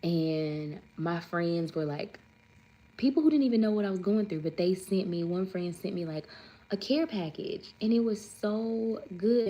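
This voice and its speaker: A woman's voice: fairly low pitch, a little slow, dark tone, highs cut off. A woman, hosting a casual livestream chat, rambling and saying "like" often. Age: 30s. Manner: chatty, rambling, says "like" often; reads viewer comments aloud. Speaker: livestream host.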